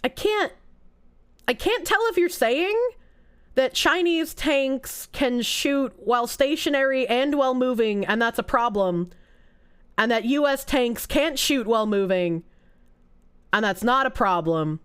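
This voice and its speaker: A woman's voice: sits high, animated, unhurried, a bit bright, clear, resonant tone. A woman from the United States who streams, chatting casually and sarcastically with her viewers and laughing often. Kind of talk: casual chat reacting to viewer comments.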